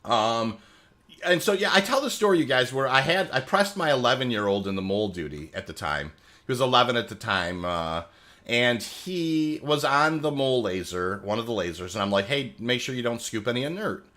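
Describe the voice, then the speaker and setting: A man streams a game and chats loosely with his viewers, his talk full of fillers and asides. His voice is bright and very lively in pitch, climbing high when he gets excited. He reads chat messages aloud and answers them in an easygoing way. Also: moderate pace. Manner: rambling, chatty, many fillers. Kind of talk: casual livestream chat.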